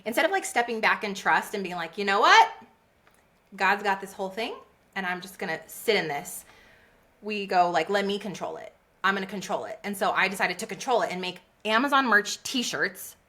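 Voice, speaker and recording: A woman guest on a podcast, a business coach, telling her story in a lively conversational way and acting out what people said. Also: mid-range voice, normal speed. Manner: animated, laughs often, acts out quotes.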